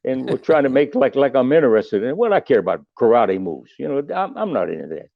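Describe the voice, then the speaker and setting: A man's voice: mid-range voice, sing-song, brisk, vocal fry, no echo. An older man spins loose, salty anecdotes, circling back and restarting as he goes. His voice comes through a thin, tinny phone line with no room sound at all. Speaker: podcast guest, musician. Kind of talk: casual storytelling.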